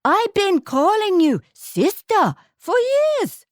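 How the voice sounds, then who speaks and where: A woman reading aloud puts on an excited, teasing friend from Africa, her voice jumping high and bright. The delivery is emphatic and affectionate, in a close, dry recording. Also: slow, dry recording, exaggerated voice. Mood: delighted.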